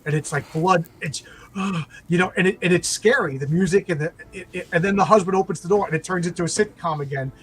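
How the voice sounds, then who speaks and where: A man in casual chat, retelling a TV show in a rambling, animated way, full of restarts and quoted lines. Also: sits high, brisk, poor audio. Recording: faint background noise.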